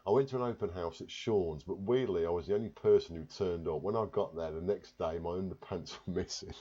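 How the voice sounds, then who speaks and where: A man's voice: low-pitched, fairly quick, mellow, husky, lo-fi sound. A man with a Warwickshire accent, chatting casually on a live stream while reading viewer comments, rambling and joking at himself. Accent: Warwickshire English. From Warwickshire, England. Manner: rambling, self-mocking, swears casually.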